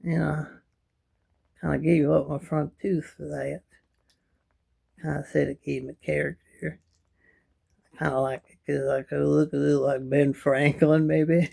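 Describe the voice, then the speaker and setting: A middle-aged man with missing teeth and a deeply gravelly, rough-edged voice pitched a little high for a man. He rambles to camera from a kitchen chair in a loose home vlog, drifting between chatty asides and low mumbles. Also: a little mellow. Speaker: vlogger. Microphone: camera in front of him.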